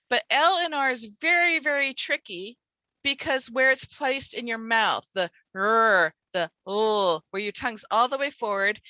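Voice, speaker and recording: Bright, emphatic woman presenter. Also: high-pitched, dry recording. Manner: emphatic, rhetorical questions. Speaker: literacy workshop presenter. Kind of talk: teacher workshop talk.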